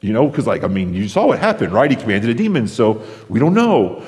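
A pastor delivering a sermon in a conversational way, acting out the crowd's reactions, from the United States. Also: male voice, mid-range voice, very animated, a little fast, a little mellow. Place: large theater-style church auditorium. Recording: long hall reverb.

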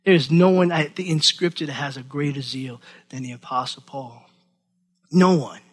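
A man preaches with a fairly high voice. He is animated and acts out the people he quotes, often repeating words as he goes. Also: normal speed. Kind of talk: sermon.

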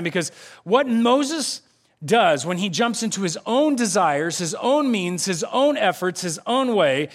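A male pastor from the United States, preaching an animated sermon and acting out the voices of the people he quotes. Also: high-pitched.

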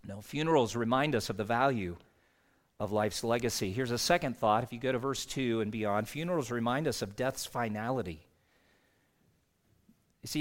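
A man, a pastor, preaching a sermon in an earnest, conversational storytelling way. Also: mid-range voice.

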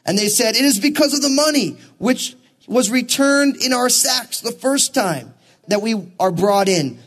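Animated high-voiced male pastor. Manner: animated preaching, acts out quoted lines. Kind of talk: sermon.

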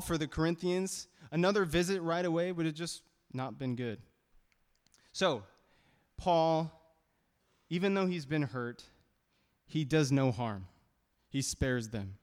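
A man's voice: a little high, slow, pauses often, clear, resonant tone. A man preaching a sermon as pastor, conversational and emphatic, with frequent restarts. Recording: long reverb of a hall.

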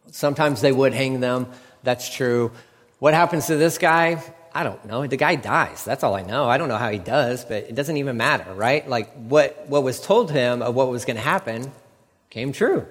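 A man preaching a sermon in an animated way, acting out the biblical figures with quick quips. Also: mid-range voice. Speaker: pastor. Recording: long hall reverb.

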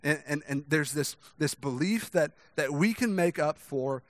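A young man preaching a sermon in a casual, conversational way, often stumbling over restarts and checking in with "right?", and acting out quoted voices with big jumps in pitch. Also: lively intonation, unhurried, no room sound. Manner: conversational, many restarts and "right?" tag questions; acts out quoted voices with sharp rises in pitch and volume. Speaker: pastor.

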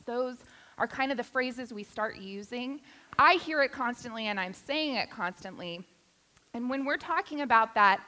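A woman's voice: on the high side, sharp tone. A woman preaching a sermon to a church congregation, with playful, self-deprecating humor. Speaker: guest preacher. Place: church sanctuary.

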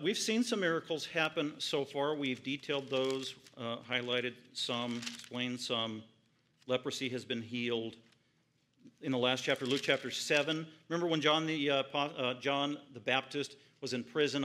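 A man's voice: medium pitch, bright, forceful tone. A man preaching an expository sermon in church, reading scripture aloud and then explaining it with rising emphasis. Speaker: pastor.

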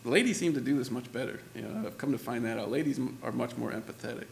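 A man's voice: medium pitch, fast, vocal fry, a little hiss or hum. A man preaching a sermon in a church, talking conversationally and laughing often, with lots of "you know" and "right?". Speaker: pastor.

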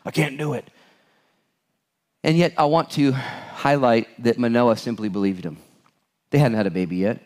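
A man preaching a sermon as pastor, animated, acting out the people in the Bible passage with jokes. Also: fairly low pitch.

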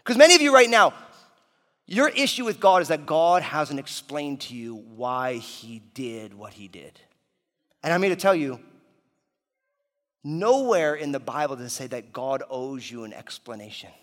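A middle-aged male pastor giving a sermon, telling a story with quick asides to the congregation. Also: on the high side, big pitch swings, a bit bright. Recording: long hall reverb.

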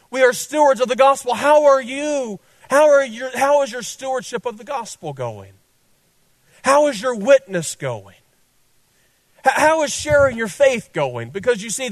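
A man's voice: very high voice, no room sound. A man preaching a sermon as pastor, fervent and repetitive, addressing listeners directly.

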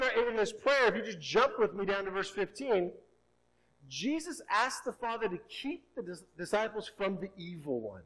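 A male pastor preaching a sermon, swinging between soft and loud and slowing down to stretch key words for emphasis. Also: sits high, poor audio.

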